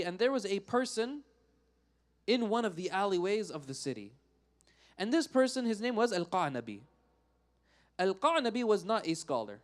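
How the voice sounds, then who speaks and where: A man giving a Friday sermon, telling a story in an animated way and acting out the characters. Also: high voice.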